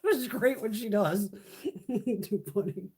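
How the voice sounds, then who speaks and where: This time her medium-pitched voice is slow, a little mellow, and breathy as the beauty vlogger in her fifties chats casually on a live stream. She still rambles, swears without restraint, and laughs often.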